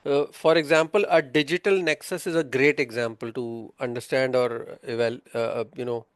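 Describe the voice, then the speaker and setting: A man's voice: medium pitch, fairly even intonation, moderate pace, no echo, studio quality. A man teaching a tax course, explaining patiently, quizzing his students, with many filler sounds. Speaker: tax instructor. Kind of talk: interactive online lesson.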